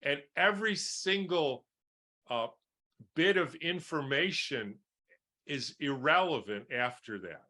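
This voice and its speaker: A man speaks slowly in a bright, forceful voice. He answers interview questions as a doctor and makes his points with everyday comparisons. He keeps checking with his listener. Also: a little high, animated. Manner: explains with homely analogies, keeps asking "right?". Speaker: guest doctor.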